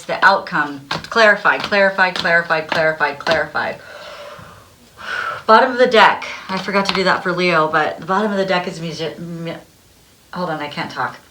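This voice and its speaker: A woman's voice: on the low side, pushed and bright. A young adult woman giving a casual tarot reading, bubbly and breathless, laughing often as she talks. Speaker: tarot card reader.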